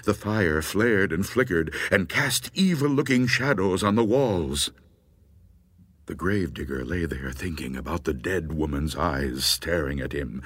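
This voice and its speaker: A man narrating a ghost story with dramatic, expressive delivery. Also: low voice, unhurried, slightly rough, no echo. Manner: dramatic, expressive telling with rising tension.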